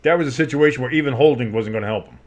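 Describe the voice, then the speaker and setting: A play-by-play host with a deep, bassy voice gives casual, joking commentary on a game, racing along as he swings between murmured asides and loud outbursts.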